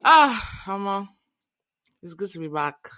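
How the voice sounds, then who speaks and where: A woman's voice: mid-range voice, very animated, slow pace, bright, forceful tone. A young adult woman co-hosting a podcast, chatting casually with bubbly asides and laughter. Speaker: podcast co-host. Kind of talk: casual chat.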